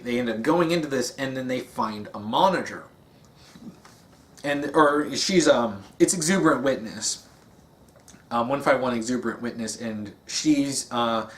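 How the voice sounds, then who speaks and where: A man giving a casual, rambling monologue, with many fillers and restarts. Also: medium pitch. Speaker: video essayist.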